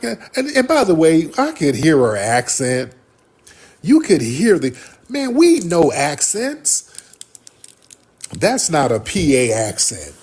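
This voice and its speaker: A man with a husky, slightly raspy voice hosts a live stream. His pitch swings widely as he speaks, and he hammers his points home by repeating them. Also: darkish tone. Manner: emphatic, preachy, repeats lines for effect. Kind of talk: heated livestream commentary.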